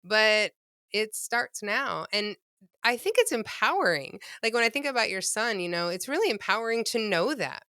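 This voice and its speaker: A woman pet loss grief counselor, speaking gently and earnestly in a podcast interview. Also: a little high, very animated, brisk, clean tone, no room sound, studio quality.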